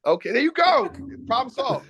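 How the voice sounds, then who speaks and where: A man's voice: very high-pitched, sing-song, moderate pace, fairly bright tone, lo-fi sound. A man in a casual podcast chat, playful and joking.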